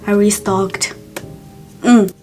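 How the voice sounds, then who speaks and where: A woman in her twenties talking casually to camera for a vlog, soft-spoken and slipping into whispers. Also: mid-range voice, fairly even intonation, very slow, soft background music. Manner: soft-spoken, drifts into whispers, tearful at times. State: tearful. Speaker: vlogger.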